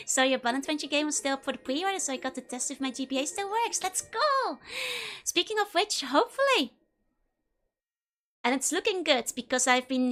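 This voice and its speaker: A young woman with a high voice chats bubbly and giggly on a live game stream, greeting viewers one after another. Her close mic sits over faint game music in the background. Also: lively intonation, brisk, a bit bright. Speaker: VTuber streamer. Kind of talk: casual live-stream chat.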